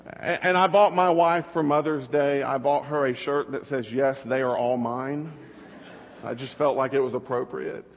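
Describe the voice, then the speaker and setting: Fatherly pastor preaching in a reverberant hall. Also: a little high. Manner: conversational storytelling with rhetorical questions. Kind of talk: sermon.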